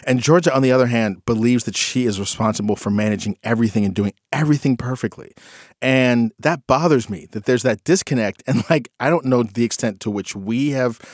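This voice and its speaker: A man in casual conversation, musing reflectively and recounting a story about his kids, getting animated when he quotes them. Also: mid-range voice, a little fast, dry recording, studio quality. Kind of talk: casual chat.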